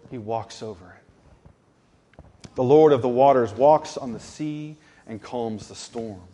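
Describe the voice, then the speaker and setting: A man preaching a sermon as pastor, slow and deliberate, leaning on emphatic repetition. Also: mid-range voice, darkish tone, long reverb tail.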